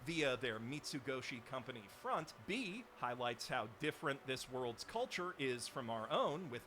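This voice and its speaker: Animated bright-voiced man narrating. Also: medium pitch, normal speed, a little hiss or hum. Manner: animated, ironic delivery. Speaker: video essayist. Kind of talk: scripted narration.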